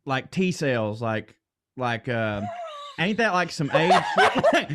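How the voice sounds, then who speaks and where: A man's voice: sits high, measured pace. Rambling, profane man. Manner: rambling, profane, laughs often, gets excitable. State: a little high. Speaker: podcast co-host. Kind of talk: casual podcast banter.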